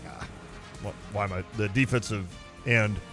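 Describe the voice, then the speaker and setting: A man co-hosting sports radio, with a bright, forward tone. His talk is animated and playfully whiny. Faint music plays under him. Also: fairly low pitch, moderate pace. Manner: animated, self-mocking whining.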